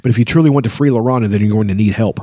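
A man's voice: on the low side, very fast, warm tone, no echo, clean studio sound, natural voice. A man reading the lines of a big, loyal, blunt male warrior aloud from a novel. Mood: firm. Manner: read aloud evenly from a novel.

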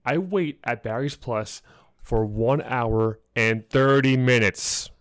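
A man's voice: mid-range voice, slow pace. A young man rants on a casual podcast, telling a long story in an exasperated way. He co-hosts the show and chats loosely with his friend. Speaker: podcast co-host.

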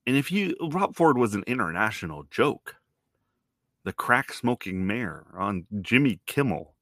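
A man's voice: lowish voice, big pitch swings, measured pace, a bit bright, dry recording, studio quality. A man from Toronto in his thirties hosting a podcast, rambling through a wry, self-deprecating monologue and swearing casually. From Toronto, Canada. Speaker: podcast host.

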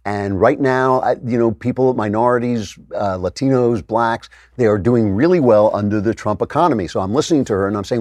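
A middle-aged man hosts a political talk show, delivering an opinionated monologue in a mid-pitched voice. He turns sarcastic and mocks others' words in a raised tone. The sound is dry and close, with no room echo. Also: fairly quick, hardly any pauses, darkish tone. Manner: sarcastic, mocking quotes in raised voice. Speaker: political commentary host.

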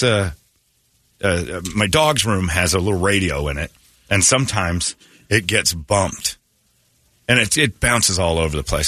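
A man hosting a radio show, ranting and teasing in animated, casual talk from a studio. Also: sits low, dry recording. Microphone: studio microphone.

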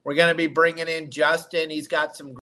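An excitable man hosts a live fishing show, greeting his viewers with loud, chatty enthusiasm. His voice sits a little on the high side for a man. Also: fairly quick. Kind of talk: casual live-stream chat.

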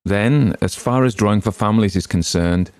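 A man reading a story aloud, lifting his voice to play a brisk, businesslike village official who runs the proceedings. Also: on the low side, smooth, no room sound, clean studio sound, pitched above the performer's own voice, natural voice. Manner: brisk, businesslike, gently firm. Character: brisk, genial middle-aged village official.

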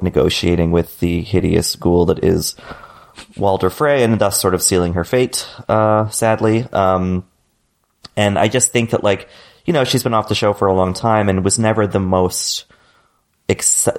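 Low gravelly man, casual podcast chat. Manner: hesitant, full of fillers and restarts. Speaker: podcast co-host.

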